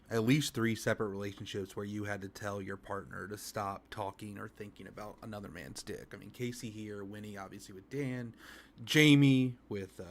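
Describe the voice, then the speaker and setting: A man hosting a stream and reacting to clips with dry, mocking commentary. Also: on the low side.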